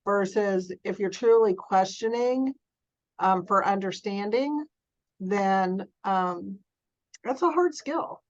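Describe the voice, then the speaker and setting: A woman speaks at a middle pitch, asking careful questions as a group participant. Her voice comes through a slightly dull, muffled recording. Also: takes it slowly. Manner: thoughtful, questioning.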